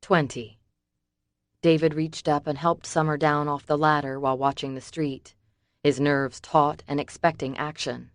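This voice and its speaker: Low-voiced woman reading a thriller. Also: flat delivery, a little slow, dry recording, clean studio sound. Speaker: audiobook narrator. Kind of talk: scripted narration.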